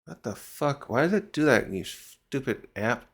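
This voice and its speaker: A man's voice: mid-range voice, animated, unhurried. A man giving a casual manga chapter review who rambles, gets sidetracked and swears casually.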